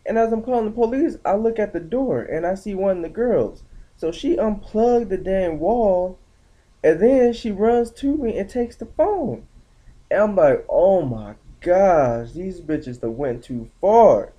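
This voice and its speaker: A young man telling a story casually on his vlog, slangy and animated, acting out the other people's lines in shifting voices. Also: sits high, a little slow, dull audio. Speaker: vlogger.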